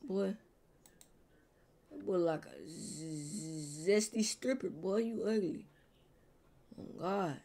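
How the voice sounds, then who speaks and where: A woman's voice: fairly low pitch, mellow. A woman hosting a reaction video, teasing and roasting the people on screen in slangy casual banter, drawing words out and repeating them for emphasis. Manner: drawn-out, repetitive emphasis.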